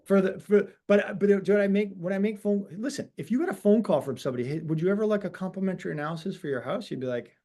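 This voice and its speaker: A man in his forties, a real estate broker, telling animated stories on a webinar interview and acting out the dialogue. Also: high voice, fast talker, hardly any pauses.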